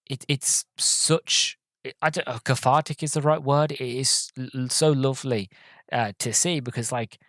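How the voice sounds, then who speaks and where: A man's voice: mid-range voice, fairly even intonation, normal speed, fairly bright tone, dry recording. A man hosting a podcast, giving a rambling, emotional and enthusiastic film review in a casual monologue. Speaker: podcast host.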